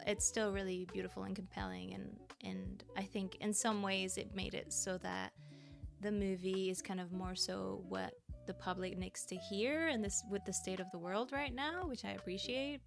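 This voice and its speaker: A woman's voice: mid-range voice, gravelly. A woman streamer chatting casually with her livestream viewers, bubbly and giggly, thanking them and rambling between topics.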